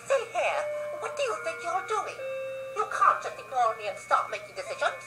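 A shrill, scheming court advisor, squeaking way up high and swinging wildly between indignation and glee. He climbs into excited shrieks, and game music plays clearly behind him. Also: normal speed, low-quality recording. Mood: indignant. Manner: squeaky, rising to gleeful shrieks.

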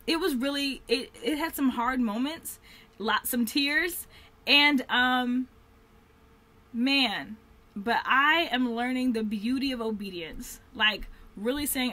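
Bright-voiced woman in a heartfelt vlog. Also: high voice. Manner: earnest, heartfelt, rambling with many fillers. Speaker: vlogger. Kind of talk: candid faith-based vlog talk.

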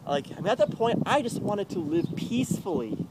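A man's voice: sits high, very animated, fairly quick. A young man in a bitter, agitated confessional rant, swearing heavily. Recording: noisy recording.

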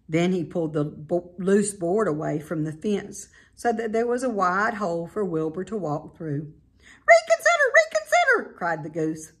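A middle-aged woman teacher reading a children's book aloud in a calm, clear storytelling manner. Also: fairly low pitch.

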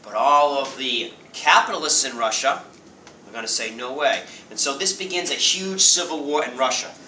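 Male history teacher, animated classroom lecturer, sharp bright tone, roomy distant classroom recording. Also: mid-range voice, a little hiss or hum. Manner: lively, acts out quick voices of nations and leaders. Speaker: high school history teacher. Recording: roomy classroom sound from far off.

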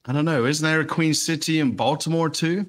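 A man's voice: a little high, steady tone, a little fast. Laid-back rambling man. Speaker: co-host. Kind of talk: casual fan-show chat.

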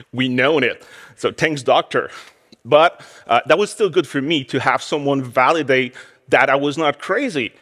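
A man's voice: medium pitch, fairly bright tone. A man in his forties with a French Canadian accent giving a candid, self-deprecating conference talk. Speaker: conference speaker. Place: conference hall. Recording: conference hall with long reverb.

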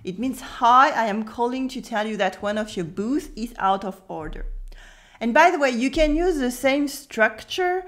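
A French native woman teaching in a video lesson, explaining clearly and slowly repeating example words. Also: fairly high pitch, expressive, fairly bright tone.

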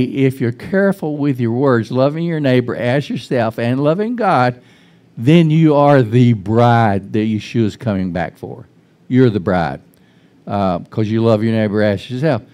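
In a church sanctuary, a male pastor with a mid-range, expressive, darkish voice gives an informal, conversational sermon at a slightly slow pace. He often restarts sentences and puts questions to the congregation.

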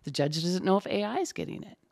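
A woman's voice: on the low side, fast, creaky. A woman working as a closed captioner, talking casually and animatedly as a guest in an interview. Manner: chatty, animated storyteller.

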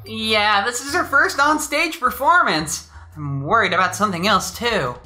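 A woman's voice: mid-range voice, animated, normal speed, pushed and bright, soft background music. A woman voicing game dialogue in a casual let's play, playful and teasing.

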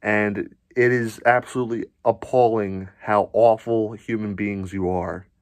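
A man's voice: on the low side, fairly even intonation, unhurried, no room sound. A man ranting angrily as a sports fan, furious, swearing and insulting. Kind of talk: angry profane rant.

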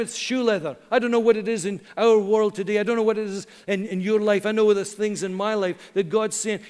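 A middle-aged man preaching a sermon as pastor, earnest, slowing down and pausing for emphasis. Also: high voice. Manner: earnest, dramatic pauses, slows for emphasis. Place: church hall. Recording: long church reverb.

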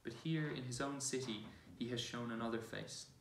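A man's voice: mid-range voice, moderate pace, creaky, a bit bright, a little hiss or hum. A man voicing an earnest young queen who speaks in formal, old-fashioned phrases, in a roomy church from far off. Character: earnest young queen, gentle but troubled.

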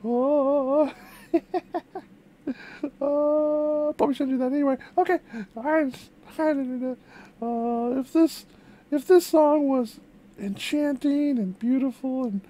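High-pitched gushing puppet girl, voiced by a woman. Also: mellow. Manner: gushing, exclamatory, rambling with repeats. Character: gushing excitable female puppet reactor. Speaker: reaction video host. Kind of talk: music reaction vlog.

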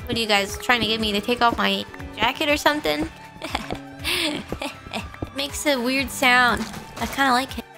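A woman with a high, light voice tosses out teasing jokes and giggles while she plays. Loud game music runs under everything she says. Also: a little slow. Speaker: streamer. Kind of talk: casual gaming stream chat.

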